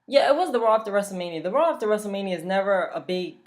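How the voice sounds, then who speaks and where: A woman's voice: medium pitch, lively intonation, very fast. A young woman from Louisiana, chatting casually and bluntly, swearing freely as a vlogger. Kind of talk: casual chat.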